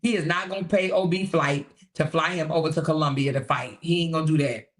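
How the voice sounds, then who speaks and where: A woman hosting a livestream, reading viewer comments in casual chat that is animated, laughing and gossipy. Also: sits low, quick pace. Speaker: livestream host.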